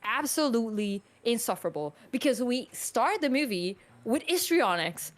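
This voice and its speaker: A woman chatting casually on a podcast about films, animated and rambling, with lots of "like". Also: fairly high pitch, moderate pace. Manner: animated, rambling, heavy use of "like".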